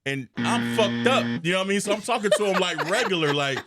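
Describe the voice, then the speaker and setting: A man chatting as a guest on a podcast. He is an animated storyteller who laughs often and keeps saying "you know what I'm saying.". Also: fairly high pitch, fast, heavy background noise. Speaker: podcast guest, actor and content creator. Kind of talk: casual podcast chat.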